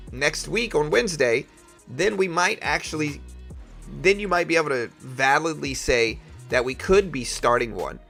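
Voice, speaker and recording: A man's voice: mid-range voice, sharp tone. A young man casually talking markets on a live trading stream, opinionated and chatty as he reads out chat messages.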